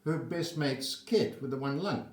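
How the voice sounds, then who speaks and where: His voice is medium in pitch and a touch slow, an older South African man animatedly recounting a personal story full of swearing and tangents. The sound is roomy and echoing, the mic set well back.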